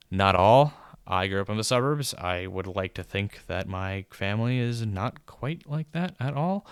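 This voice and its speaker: A man's voice: fairly low pitch, a bit bright, clear, resonant tone, dry recording, clean studio sound. A man giving a rambling, sarcastic spoken book review with casual swearing.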